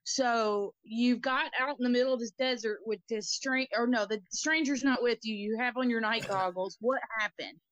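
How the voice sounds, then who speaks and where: A woman's voice: a little high, normal speed, few pauses, a bit bright, no echo. A female co-host casually and curiously prompting a guest to go on with his story. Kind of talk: casual chat. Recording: dull, dry sound.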